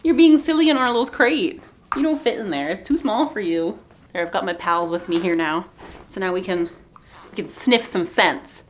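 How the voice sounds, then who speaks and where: A young woman vlogging candidly about feeling lonely, talking in a soft, halting way and a little teary, with nervous laughs. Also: fairly low pitch, expressive, a little hiss or hum. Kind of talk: candid personal vlog.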